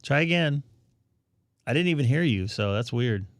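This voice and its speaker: A man hosting a casual live stream about amateur radio, chatting to viewers while he troubleshoots his setup out loud. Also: medium pitch, animated, normal speed, no echo, clean studio sound.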